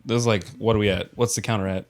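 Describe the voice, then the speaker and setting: A man's voice: lowish voice, steady tone, fast. A young man in his twenties hosting a podcast, chatting casually and joking around with a loose, swearing manner. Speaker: podcast host. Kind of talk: casual chat.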